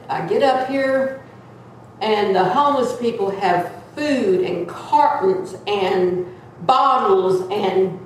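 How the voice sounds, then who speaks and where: A woman giving a loud, earnest, plain-spoken sermon-style talk in a church. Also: medium pitch, a little hiss or hum. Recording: echoey room from far off.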